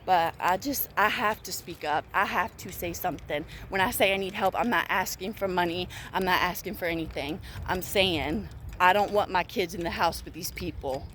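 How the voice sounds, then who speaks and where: A woman's voice: fairly low pitch, moderate pace, hardly any pauses, a bit bright, a little hiss or hum. Upset woman venting outdoors. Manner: upset, emphatic, repeats herself. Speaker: vlogger. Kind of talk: venting monologue to camera. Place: outdoors, walking in the heat.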